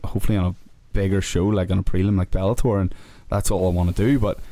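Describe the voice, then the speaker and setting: A man's voice: sits low, steady tone, fast talker, dark tone, no room sound. A man with a Northern Irish accent, a fighter guest on a podcast, ranting heatedly and swearing a lot. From Northern Ireland. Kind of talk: casual podcast chat.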